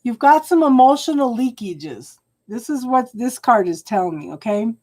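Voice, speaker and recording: Warm-voiced woman giving a live tarot reading. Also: fairly high pitch, lively intonation. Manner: halting and repetitive, restarting phrases and calling viewers hun. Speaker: tarot reader. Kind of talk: live-stream tarot reading, talking to viewers.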